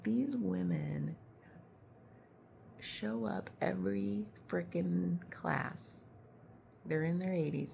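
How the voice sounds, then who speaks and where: Gravelly, mellow-voiced woman in her forties. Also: lowish voice, slight background noise. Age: 40s. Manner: chatty, laughs often, acts out quoted lines. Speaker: body worker and podcast host. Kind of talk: casual storytelling monologue.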